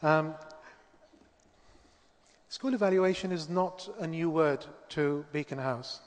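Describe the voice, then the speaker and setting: A man giving a formal presentation at a conference, speaking in a measured way with occasional restarts. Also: on the high side. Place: large conference hall. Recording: echoey hall, long reverb.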